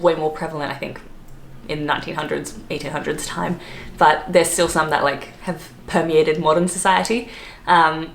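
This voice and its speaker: A woman's voice: lowish voice, echoey room, slight background noise. A young Australian woman chatting casually to her vlog audience, bubbly and self-mocking, laughing often. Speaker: vlogger.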